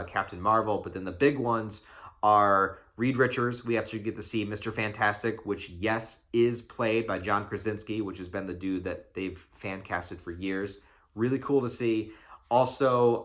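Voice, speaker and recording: A young man giving a casual, excited movie review, rambling with fillers and swearing freely. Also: on the low side.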